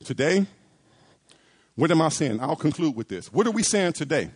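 A man's voice: a little high, big pitch swings, moderate pace, husky. A man preaching a sermon, asking rhetorical questions, repeating phrases and acting out quoted pleas.

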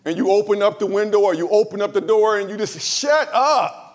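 A pastor preaches to his congregation fast and in a steady tone. He's emphatic, swinging between loud stressed phrases and low, quiet asides.

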